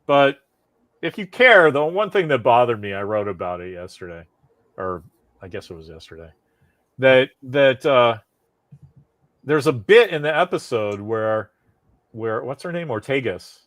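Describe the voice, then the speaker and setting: A man's voice: medium pitch, unhurried, pauses often, no echo. Profane, ranting man on a podcast. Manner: animated, profane ranting with frequent laughs. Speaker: podcast co-host. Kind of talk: casual chat.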